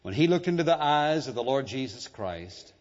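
Dramatic preacher in an echoing hall. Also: male voice, medium pitch, lively intonation, normal speed. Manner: emphatic, dramatic preaching with sudden shifts in loudness and pace. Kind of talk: sermon. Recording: dull sound, long hall reverb.

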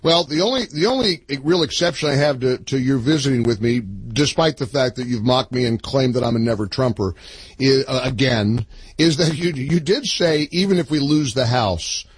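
A man's voice: medium pitch, animated, moderate pace, husky, no room sound, rough recording. A man hosting a political talk radio show. He interviews a guest in a chatty, teasing way, often stopping and restarting his sentences.

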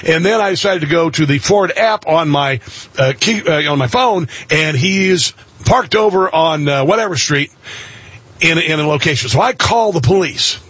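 Excitable guy host telling a story, super raspy voice, kinda high, flies up into yelling. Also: normal speed, no echo. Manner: excitable, voice jumps up to loud outbursts. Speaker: radio and TV host. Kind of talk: storytelling monologue.

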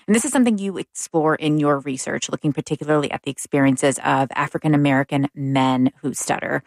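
Low-voiced woman asking questions. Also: fairly quick, gravelly, no room sound, studio quality. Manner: curious, inviting. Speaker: interview host. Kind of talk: interview questions.

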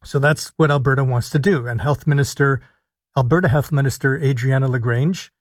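A man hosting a live call-in radio show as a physician, explaining health policy in a measured way and stressing key words with deliberate pauses. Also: mid-range voice, slightly rough, no room sound. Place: radio studio. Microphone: studio microphone.

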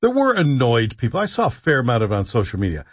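Guy on talk radio, kinda husky, joking around, muffled sound. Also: mid-range voice, huge pitch swings, fast talker, no echo. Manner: wry, joking, mock-earnest advice. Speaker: radio show host. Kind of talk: casual talk radio banter.

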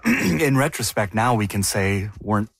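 A man's voice: lowish voice, lively intonation, measured pace, creaky, a bit bright, breathy edge, no room sound, studio quality. A man co-hosting a news discussion, asking questions and explaining with some hesitation. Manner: inquisitive, hesitant. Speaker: co-host.

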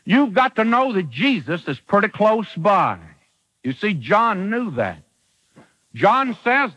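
In a high, bright voice, a man delivers a sermon with emphatic, dramatic flair, speaking slowly and with great animation. His pitch leaps widely between phrases as he performs the quotations. The low-quality recording has the thin sound of an old radio broadcast.

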